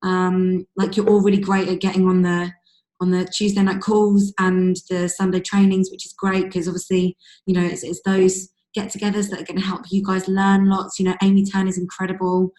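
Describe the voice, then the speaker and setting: A woman's voice: mid-range voice, completely flat delivery, moderate pace, dark tone. Gushing woman with a strained voice. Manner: gushing, rambling, lots of likes and ums. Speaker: team leader hosting a group call. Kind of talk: motivational pep talk. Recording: roomy echo on a call.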